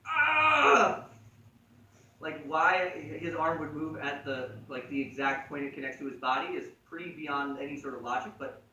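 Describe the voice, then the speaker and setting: A man with a slightly high, sharp voice and fairly even intonation explains a jiu-jitsu choke to a class a little fast, with few pauses. He's joking and conversational, checking in with "right?" often during this casual lesson in a martial arts gym. The recording is muffled, from a distant mic in an echoey room.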